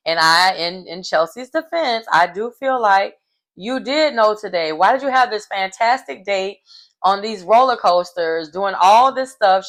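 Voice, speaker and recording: A woman talks straight to her viewers, recapping reality TV drama in a casual, chatty way. She's gossipy and emphatic. Her voice leaps high when she's shocked. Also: a bit bright.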